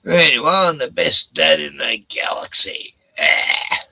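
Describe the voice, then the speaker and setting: Gravelly Australian man ranting slowly. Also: fairly high pitch, pushed and bright, no room sound, rough recording. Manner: profane, ranting, reads viewer comments aloud; drawn-out filler sounds and restarts. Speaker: livestream host. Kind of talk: rambling solo livestream chat.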